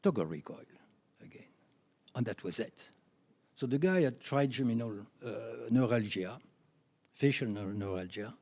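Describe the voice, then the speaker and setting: A man in his seventies from France with a French accent, telling anecdotes from his career as a chiropractor in a lively, laughing way. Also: mid-range voice, normal speed, long pauses, dry recording. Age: 70s. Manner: animated anecdotes with laughs, rising when excited. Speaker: chiropractor speaking at a conference. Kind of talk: storytelling talk.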